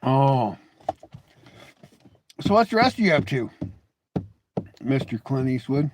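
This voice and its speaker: A man's voice: medium pitch, very animated, slow pace, pauses often, background noise. A man hosting a casual live stream, answering viewers in chat with mocking, teasing remarks, often laughing and repeating words as he starts a thought.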